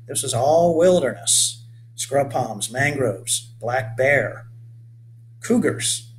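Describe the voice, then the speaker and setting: A friendly boat captain explains the old wilderness to his passengers in an even, mid-range voice, as a man reads him aloud. The telling is plain storybook reading. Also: mid-range voice, slow, a little hiss or hum.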